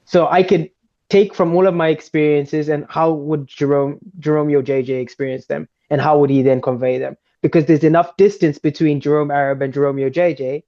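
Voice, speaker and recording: Animated man host on a dull recording. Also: on the high side, fairly quick. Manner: animated, enthusiastic, laughing. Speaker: podcast host. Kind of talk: casual interview chat.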